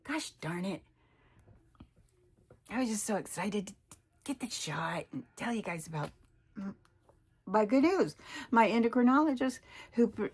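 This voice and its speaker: A woman's voice: on the low side, animated, normal speed, darkish tone. A woman in her sixties talking in a casual personal vlog, chatty and emotional, retelling her conversations. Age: 60s. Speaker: vlogger.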